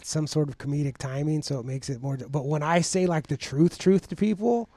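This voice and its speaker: A man's voice: a little high, fairly quick, dark tone, dry recording. A laid-back man, co-hosting a podcast in casual, profane chat and telling stories. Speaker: podcast co-host.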